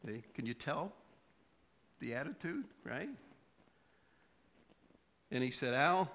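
A man's voice: medium pitch, measured pace, pauses often, sharp tone. A middle-aged male preacher telling a personal story in a sermon, asking the congregation questions along the way. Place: church.

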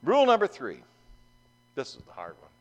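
Acting out characters' voices in a story, a man delivers a folksy sermon and poses questions to his congregation. He speaks briskly in a voice on the high side, with wildly swooping pitch, captured on a muffled recording.

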